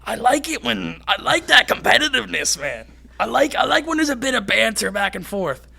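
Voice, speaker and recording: A young man from Canada, a fighter guest on a podcast, talking fast and excitedly and swearing freely. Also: high voice, vocal fry. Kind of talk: casual podcast conversation.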